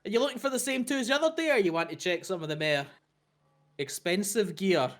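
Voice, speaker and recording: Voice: medium pitch, expressive, fast talker, natural voice. A game master voicing a boisterous male shopkeeper. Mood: businesslike. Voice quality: boisterous, exclamatory. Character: loud cheery male shopkeeper.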